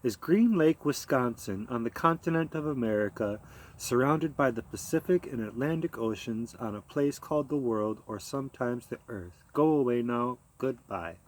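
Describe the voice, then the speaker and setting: A man doing a curt, high-voiced small-town housewife. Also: sing-song, normal speed, poor audio. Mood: condescending. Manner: curt and suspicious. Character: snappish middle-aged small-town housewife.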